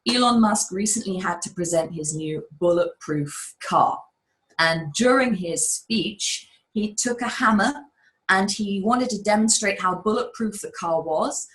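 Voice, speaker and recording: A woman with a neutral British accent, a public speaking coach giving energetic, emphatic advice on a webinar video call. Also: mid-range voice, measured pace, poor audio. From United Kingdom. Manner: emphatic, energetic storyteller, addresses the audience directly.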